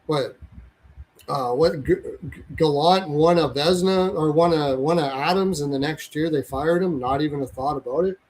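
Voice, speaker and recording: A man's voice: on the high side, normal speed, a little mellow, low-quality recording. A man hosting a hockey talk show in casual, blunt chat, swearing freely and often correcting himself mid-sentence. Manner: blunt, profane, rambling with self-corrections. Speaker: hockey podcast host.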